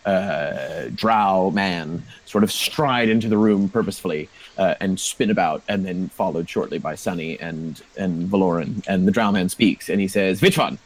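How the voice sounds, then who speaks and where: A man narrating a tabletop role-playing game as game master, in a relaxed, meandering way with many fillers. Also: low-pitched, normal speed, hardly any pauses, low-quality recording.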